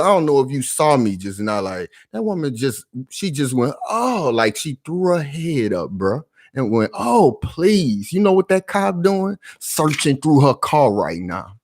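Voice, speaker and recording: A man giving casual reaction commentary, emphatic and full of street slang, often calling out to his viewers. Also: medium pitch.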